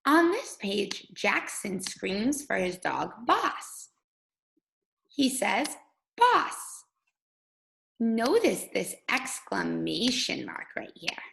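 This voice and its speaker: A woman teacher leading a guided reading lesson for young children, speaking slowly and patiently. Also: medium pitch, big pitch swings, creaky, rough recording. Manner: slow, patient, sing-song teacher voice.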